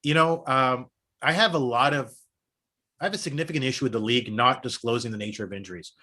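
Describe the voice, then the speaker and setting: An earnest man, maybe thirty-something or forty-something, making his case on a casual sports podcast. His pitch sits in a middle range, and he builds his arguments at length in an easy chat. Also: fast, bright, forceful tone. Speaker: podcast co-host.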